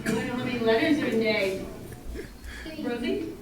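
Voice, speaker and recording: High-pitched teacher lady running a phonics drill, brisk and upbeat, far from the mic, super echoey noisy classroom. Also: lively intonation, a crowd in the background. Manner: brisk, encouraging, calling on children by name. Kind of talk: classroom instruction. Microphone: far camera.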